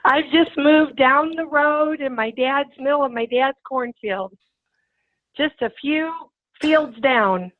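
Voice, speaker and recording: A woman speaks up on a group video call, chatty and eager to play along. Her voice sits high. The audio is narrow and tinny, like a phone line, and dry with no room sound. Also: slow pace, dry recording. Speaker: group member in a role-play. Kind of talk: casual conversation on a video call.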